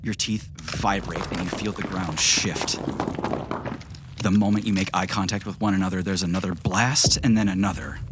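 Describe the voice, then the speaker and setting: A man narrating a tabletop game as game master in a hushed, dramatic manner that often drops to a whisper. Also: deep voice, heavy background noise. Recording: music bed underneath.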